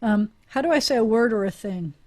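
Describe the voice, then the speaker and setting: A woman's voice: on the high side, lively intonation, a little fast, mellow. Chatty woman rabbi teaching online. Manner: chatty, encouraging, laughs often. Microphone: video call.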